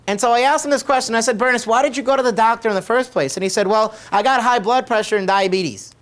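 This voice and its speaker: A man's voice: extremely high pitch, fast talker, fairly bright tone. A middle-aged man, a chiropractor, telling a patient story to camera in a conversational way and repeating his questions for emphasis. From United States.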